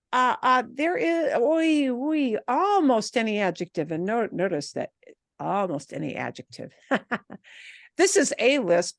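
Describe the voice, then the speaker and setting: A woman teaching a class, patiently explaining and rephrasing, slipping in short Spanish phrases with a chatty, lively manner. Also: on the high side, no room sound, studio quality.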